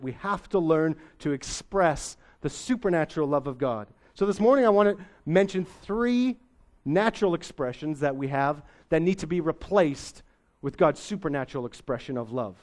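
A man's voice: on the high side, darkish tone. A middle-aged man preaching a sermon as pastor, in a folksy, conversational way with homely sayings.

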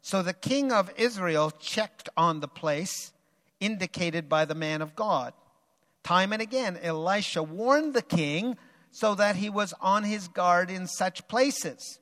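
Bright-voiced preacher man in a reverberant hall. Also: sits high, takes it slowly. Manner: dramatic, varies loudness and pace freely. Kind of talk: sermon with dramatic Bible reading.

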